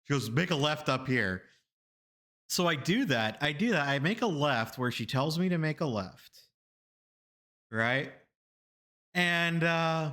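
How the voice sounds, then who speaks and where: A bright, forceful man from Florida telling a story to his stream chat. He repeats phrases and rambles. He leaps into high, loud voices when he quotes the people in his stories. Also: a little slow. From Florida, USA. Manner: animated, rambling, repeats himself, laughs often. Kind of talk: casual storytelling to a live chat.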